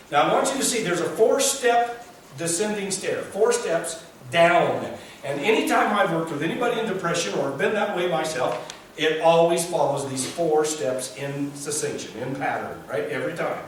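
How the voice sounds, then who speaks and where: A man preaching a sermon, animated, acting out the voices of biblical figures. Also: moderate pace, slight background noise. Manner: animated, acts out biblical voices with rising pitch. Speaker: pastor. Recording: echoey distant room recording.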